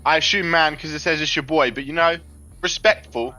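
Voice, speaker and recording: High-voiced young male stream commentator. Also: fairly quick, sharp tone, rough recording. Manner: chatty, greets viewers mid-commentary. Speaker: streamer and wrestling game commentator. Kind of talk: live play-by-play commentary. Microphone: laptop mic. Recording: music playing behind. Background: music.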